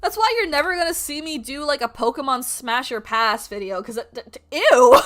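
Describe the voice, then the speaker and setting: Bright-voiced woman streamer, chatty and animated. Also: high-pitched, brisk. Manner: animated, swearing, laughing, quoting people in mock voices. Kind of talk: casual chat while drawing on stream.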